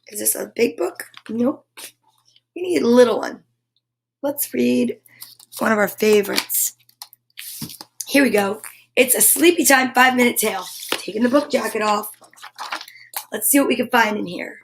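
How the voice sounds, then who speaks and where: A woman hosting a children's story time, reading books aloud in a gentle, animated way. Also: a little high, moderate pace, gravelly, long pauses, a little hiss or hum. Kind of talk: reading picture books aloud to kids live.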